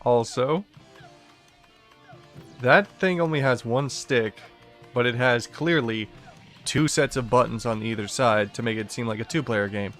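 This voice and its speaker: A man's voice: medium pitch, measured pace, long pauses, fairly bright tone, faint music behind. A man casually commenting on a game he is playing, with wry, offhand remarks. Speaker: let's play host.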